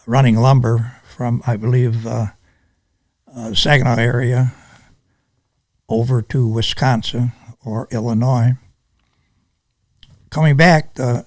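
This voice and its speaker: An older man from Michigan, a retired police sergeant, telling stories in an interview in a halting, unhurried way with many restarts. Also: mid-range voice, gravelly, darkish tone, dry recording. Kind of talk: casual storytelling interview.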